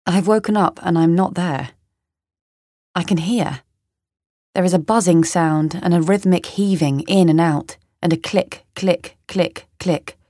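A woman reading a first-person drama in a hushed, bewildered, halting way, close to the mic. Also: lowish voice, no echo. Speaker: audiobook reader.

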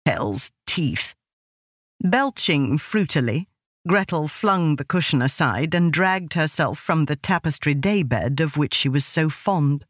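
A woman's voice: low-pitched, dry recording. Woman reading a storybook, dry and close. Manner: measured, expressive storytelling. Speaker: audiobook narrator. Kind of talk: scripted narration.

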